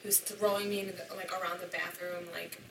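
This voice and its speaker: A woman's voice: on the low side, little pitch movement, fast, vocal fry, noisy background. A young woman candidly recounting a painful personal story as a podcast guest, her speech full of "like". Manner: candid and emotional, filled with "like". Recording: roomy and distant from the mic.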